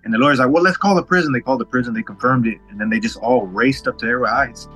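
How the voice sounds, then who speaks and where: Fast, bright-voiced man telling his story. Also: medium pitch, slightly rough, soft background music, rough recording. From Washington State, USA. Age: 40s. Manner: animated, acts out others' quoted lines, frequent stammered restarts. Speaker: guest. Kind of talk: personal storytelling.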